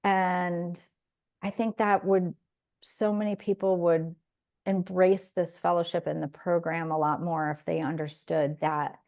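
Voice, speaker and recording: A woman's voice: lowish voice, a little mellow. A woman hosting a podcast in casual chat, talking in an earnest, reflective way with frequent restarts. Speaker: podcast host.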